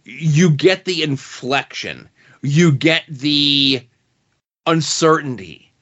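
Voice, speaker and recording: Man, co-host, thoughtful and drawn-out, casual chat, slightly high voice, muffled sound. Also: expressive, a bit bright. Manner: thoughtful, builds points at length. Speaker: podcast co-host. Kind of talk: casual comic book discussion. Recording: dull lo-fi podcast audio.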